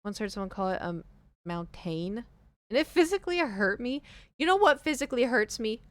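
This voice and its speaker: A woman's voice: fairly high pitch, big pitch swings, moderate pace, a bit bright, no echo. A woman with a Southern accent chatting casually as a streamer while she plays, ranting and mocking how people pronounce words. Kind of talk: casual chat while gaming.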